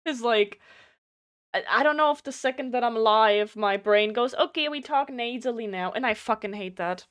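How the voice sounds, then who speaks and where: A woman's voice: fairly high pitch, moderate pace, fairly bright tone, clean tone, dry recording, clean studio sound. A woman with a German accent, a native German speaker, chatting casually and bluntly on a live game stream, swearing freely, her voice slightly nasal.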